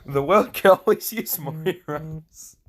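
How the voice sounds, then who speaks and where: A man's voice: on the high side, unhurried, voice pushed up, natural voice. A man voicing an upset young woman character in a plain reading voice, without putting on her accent, as he reads a fan story aloud. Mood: grateful.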